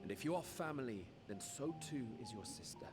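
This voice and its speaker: A man's voice: mid-range voice, lively intonation, fairly quick, close to an everyday voice. A man voicing a loyal, earnest male guard commander who speaks fervently, in a game cutscene with music behind. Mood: urging. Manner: earnest, fervent, sometimes dropping to a hush.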